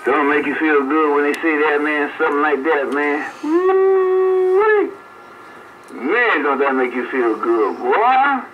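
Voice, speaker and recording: A man's voice: a little high, animated, moderate pace, hardly any pauses. An older man on a CB radio, chatting casually and reminiscing in a folksy way, laughing often. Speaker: CB radio operator. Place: on the air by CB radio. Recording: dull CB radio audio with faint hiss.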